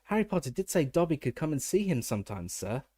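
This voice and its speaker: A man putting on a squeaky anxious house-elf. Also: very animated, quick pace, dark tone, husky, no echo. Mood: anxious eager. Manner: high squeaky voice, servile speech.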